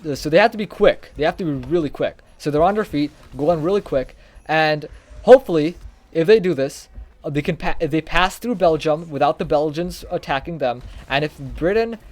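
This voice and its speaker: A man's voice: fairly high pitch, a little fast. A young man casually explaining history while playing an online game. He rambles and often corrects himself mid-sentence. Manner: rambling, animated, self-correcting. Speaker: gaming YouTuber.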